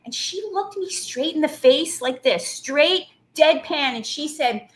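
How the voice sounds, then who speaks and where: High-voiced woman telling her story. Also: a little slow. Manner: animated storytelling with lots of "like" and acted quotes. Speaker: guest, plant-based health coach. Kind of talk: personal story in an interview.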